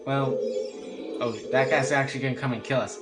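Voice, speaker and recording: A man's voice: mid-range voice, fairly even intonation, a little fast. A young man casually commenting on his own game walkthrough, chatty and sarcastic, often correcting himself. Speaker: walkthrough host. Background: game music.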